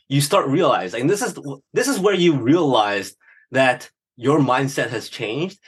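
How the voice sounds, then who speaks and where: Upbeat middle-aged male guest, husky tone, mid pitch, lively storyteller. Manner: upbeat, animated storytelling with laughs. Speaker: guest, business strategist. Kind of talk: casual interview talk.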